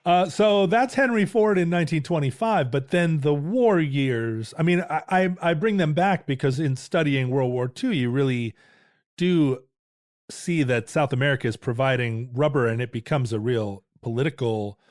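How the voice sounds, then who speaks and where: A man's voice: fairly high pitch, normal speed, a little mellow, no room sound. A man co-hosting a podcast, asking questions and adding dry wisecracks in casual chat. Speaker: podcast co-host.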